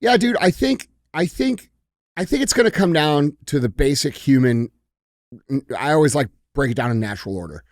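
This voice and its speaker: A man's voice: a little high, animated, moderate pace, no room sound, clean studio sound. A man who is a guest on a podcast, talking in a brash, casual way with lots of slang and swearing. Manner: brash and casual, says dude and bro, swears often.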